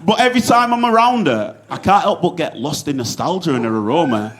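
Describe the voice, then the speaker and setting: A young man with a Yorkshire accent performing a stand-up comedy set on a club stage, animated and swearing, with shouted bursts. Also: fairly high pitch, a little fast, a crowd in the background. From Bradford, Yorkshire, England.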